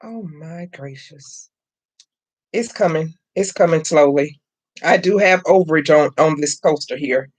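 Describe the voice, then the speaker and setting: A middle-aged woman with a low-sitting voice talks at normal speed while hosting a live craft stream. Chatty as she works, she calls her viewers "y'all" and greets chat members by name.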